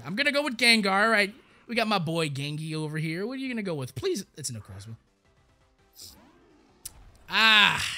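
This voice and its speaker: A young man giving casual, rambling gameplay commentary, excitable and stammering as he repeats words. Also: fairly high pitch. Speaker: gaming YouTuber.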